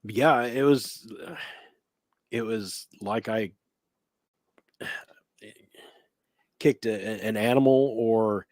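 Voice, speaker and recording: A man co-hosting a casual paranormal talk stream, rambling and halting as he describes recordings. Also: on the low side, darkish tone, no echo, clean studio sound. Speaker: paranormal investigator co-host. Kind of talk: casual chat. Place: home studio, live stream.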